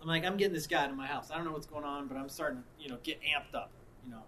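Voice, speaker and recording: A man preaching, mixing reflection with an animated story in which he acts out the people involved. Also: fairly high pitch, racing, slight background noise. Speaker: pastor. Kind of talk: sermon with storytelling.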